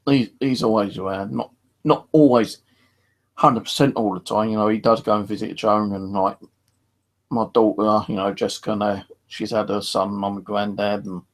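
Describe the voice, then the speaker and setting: A middle-aged man streaming, talking in a casual, rambling monologue full of fillers. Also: fairly low pitch. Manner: rambling, many fillers and restarts.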